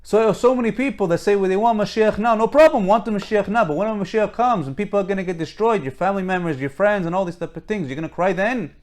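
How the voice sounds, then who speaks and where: A Torah teacher gives an informal lecture, emphatic and packed with rhetorical questions, frequently starting sentences over. His voice is high, and he speaks fast with barely any pauses.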